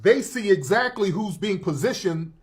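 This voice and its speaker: A man's voice: high-pitched, lively intonation, normal speed. A man in a played commentary clip, lecturing emphatically with rhetorical asides.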